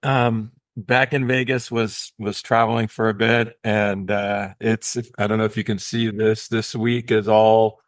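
A man chatting easily as a guest on a video call, quick to laugh. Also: lowish voice, flat delivery, no echo, clean studio sound. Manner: easygoing, laughs often. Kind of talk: casual chat.

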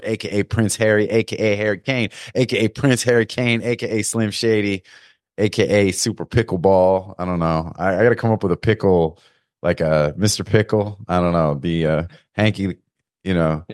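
Joking laid-back host with lowish voice. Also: male voice, no echo, clean studio sound. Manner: loose, joking, full of fillers and slang. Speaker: podcast host. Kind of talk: casual chat. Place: Florida.

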